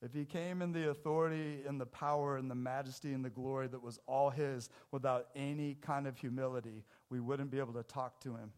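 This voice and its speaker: A man preaching a sermon in a church, casual and jokey, with sudden loud, emphatic bursts. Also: mid-range voice, fairly even intonation, fairly quick, few pauses, clean tone. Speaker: pastor. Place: church sanctuary.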